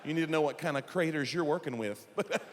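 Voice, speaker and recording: A man's voice: a little high, quick pace, big-room sound, slight background noise. A man in his forties doing stand-up comedy, acting out quoted voices as he talks. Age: 40s. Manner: animated, acts out quoted voices.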